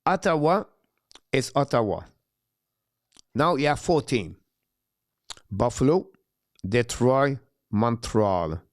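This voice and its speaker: A man hosts a live hockey watch-along in a mid-range, animated voice, speaking with the French accent of a native French speaker. He reads viewer questions and stumbles through replies, filling gaps with many hesitation sounds. The audio is clean studio sound with no echo.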